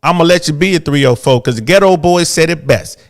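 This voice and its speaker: A man's voice: on the high side, fairly quick. A man giving emphatic closing remarks as a guest, repeating his points for effect. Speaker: guest commentator.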